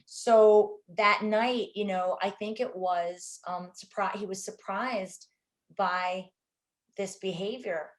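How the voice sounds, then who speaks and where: A middle-aged woman filmmaker, telling stories from a shoot in an interview, animated and quick to act out what people said. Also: medium pitch. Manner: animated, acts out quotes, many fillers. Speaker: filmmaker guest. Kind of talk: interview storytelling.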